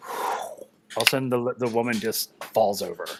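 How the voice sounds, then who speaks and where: A man narrating as game master of a tabletop role-playing game, unhurried and descriptive. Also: medium pitch, creaky, noisy background.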